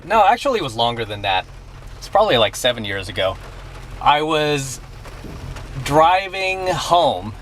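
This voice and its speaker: Outdoors beside his car, a man vlogs a story and hands out blunt advice, his voice fairly high and sing-song, a little slow, with long pauses and a fairly bright tone. He's emphatic and keeps checking in with "okay?" as he talks casually to the camera. There's a little hiss or hum on the recording.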